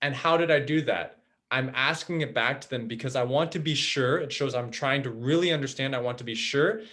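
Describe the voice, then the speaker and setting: Male webinar trainer, mid-pitched, chatty, keeps asking "right?" over a video call. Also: a little fast, a bit bright. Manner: conversational, frequent "right?" checks. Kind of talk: live webinar teaching.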